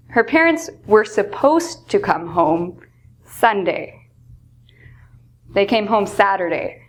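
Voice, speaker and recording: Woman teacher, mid pitch, patient explainer who punches up example lines. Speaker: English teacher. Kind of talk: explaining English phrases in a lesson.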